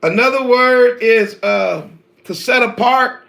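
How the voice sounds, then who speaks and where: A man teaching an online scripture lesson, animated and preacher-like, talking straight to his viewers. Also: extremely high pitch, slow pace, gravelly, echoey room. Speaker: Bible teacher.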